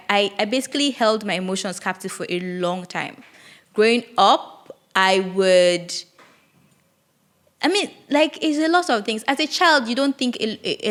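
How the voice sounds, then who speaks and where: A woman's voice: medium pitch, lively intonation, moderate pace, fairly bright tone. A young woman, hosting a solo podcast and reflecting candidly aloud, with frequent restarts. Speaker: podcast host.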